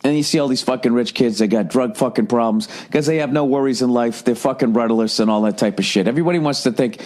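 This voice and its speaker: A man in his forties with a Boston accent, hosting a solo comedy podcast and ranting in a profane, sardonic, animated way. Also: medium pitch, fast talker. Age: 40s. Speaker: podcast host.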